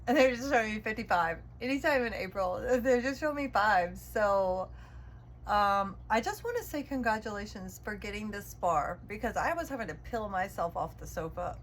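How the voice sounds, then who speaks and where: A woman's voice: mid-range voice, animated, normal speed, low-quality recording. A woman giving a chatty, encouraging spiritual tarot reading, often checking in with the listener. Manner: encouraging, chatty, keeps asking "okay?". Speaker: tarot reader.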